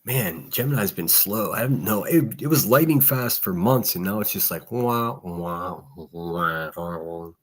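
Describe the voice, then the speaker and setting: A man's voice: lowish voice, expressive, moderate pace, hardly any pauses, slightly rough. A man from Pittsburgh with a faint Pittsburgh accent, hosting a casual solo livestream and chatting with chat in a rambling, profane way. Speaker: livestream host.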